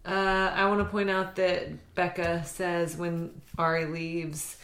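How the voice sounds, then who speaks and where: A woman's voice: lowish voice, flat delivery, takes it slowly, fairly bright tone, slight background noise. A woman co-hosting a podcast, recapping a TV show in casual chat with dry, wry commentary. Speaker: podcast co-host.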